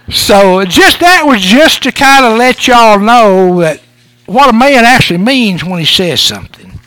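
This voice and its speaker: A pastor preaches in a folksy, chuckling way, telling jokes to his church. His voice sits high and swings up and down a lot. The sound is close and dry. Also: animated, moderate pace, bright, forceful tone, dry recording. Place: church service.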